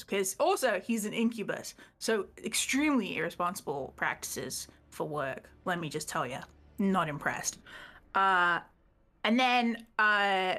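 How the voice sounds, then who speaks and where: A woman's voice: medium pitch, bright, forceful tone. A woman casually recapping the last tabletop game session, chatty and freely swearing. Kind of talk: casual live-stream chat.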